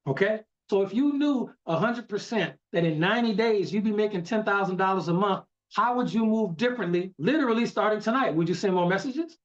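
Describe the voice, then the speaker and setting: A man's voice: high voice, expressive, brisk, few pauses, dull audio. A man leading a motivational team training over a video call, coaching in an emphatic, repetitive way. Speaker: network marketing team leader.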